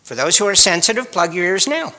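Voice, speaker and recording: A man's voice: high voice, very animated, fast, sharp tone, long reverb tail. A man preaching a sermon in a wry, dramatic storytelling manner. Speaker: pastor.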